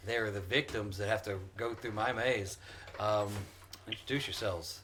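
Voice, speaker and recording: A man's voice: fairly low pitch, steady tone, normal speed, a bit bright, slight background noise. A man acting as game master, opening a casual tabletop session with jokes and loose, rambling talk. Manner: joking, rambling with fillers.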